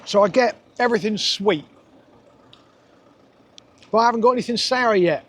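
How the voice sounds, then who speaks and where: High, husky-voiced man. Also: normal speed. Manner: sarcastic, exasperated. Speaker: food reviewer. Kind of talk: casual vlog food review.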